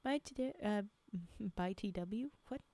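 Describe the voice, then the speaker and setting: A woman's voice: mid-range voice, lively intonation, slow, mellow, no echo. A woman streamer reading folktales aloud on a live stream, breaking off for laughing asides to her chat. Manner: laughing asides to chat between read passages.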